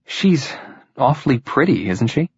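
A man voicing a wary, sharp-tongued young woman with a pointed, lightly sarcastic manner. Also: medium pitch, sing-song, unhurried, creaky, husky, no room sound, highs cut off, pitched above the performer's own voice, exaggerated voice. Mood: wry.

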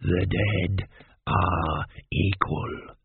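A man voicing an ancient, solemn male mummy priest who speaks slowly and bluntly, on a tinny, phone-like recording. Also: low voice, steady tone, vocal fry, a little hiss or hum, voice pushed down, full character voice.

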